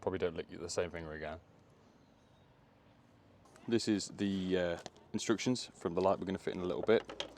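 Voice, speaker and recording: A man's voice: low voice, a little fast, long pauses, darkish tone, slight background noise. A man, an electrician, talking through his work in an on-the-job vlog, thinking aloud as he goes, filmed on a phone outdoors and in a loft. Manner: chatty, thinking aloud while working. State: out of breath at times. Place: outdoors on a roof and in a loft, rainy. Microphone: phone camera.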